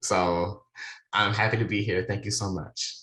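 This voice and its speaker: A young man with a lowish voice introduces himself on a panel, polite and eager. He sounds thankful, and his audio is roomy and echoey. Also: steady tone, a little slow, bright, forceful tone. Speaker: graduate student and college readiness coach. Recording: echoey room.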